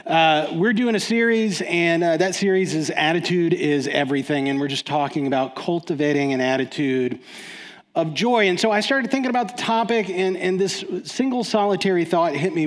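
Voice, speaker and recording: A man's voice: on the high side, expressive, moderate pace. Joking chatty man giving a talk. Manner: joking, chatty, lots of fillers and restarts. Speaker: guest speaker filling in. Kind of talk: casual sermon to a live audience. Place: room with a live audience.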